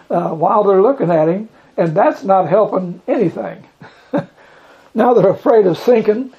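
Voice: medium pitch, creaky, highs cut off. A Bible study leader teaching in a loose, folksy way, chuckling often and acting out scripture lines in bigger voices.

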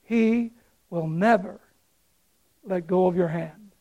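Guy preaching a sermon, high mellow voice, gets fervent and repeats stuff, kinda muffled recording. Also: slow. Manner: fervent, repeats phrases for emphasis. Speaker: pastor.

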